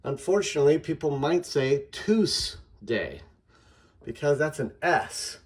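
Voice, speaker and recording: A man patiently explaining a method in an instructional lesson, slowing down to sound out example words. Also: on the high side, darkish tone, breathy edge. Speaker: teacher.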